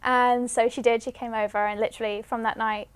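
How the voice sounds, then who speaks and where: A woman's voice: on the high side, level tone, fairly quick, clean tone. A young woman from England sharing a personal story in a documentary interview, chatty and upbeat. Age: young adult. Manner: chatty, lightly laughing storyteller.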